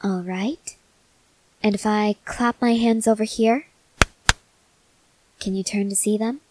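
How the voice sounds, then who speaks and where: A woman voicing a calm, stoic young female soldier checking a wounded person, composed and matter-of-fact, in a whispered role-play. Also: medium pitch, takes it slowly, slight background noise, close to an everyday voice, low-quality recording.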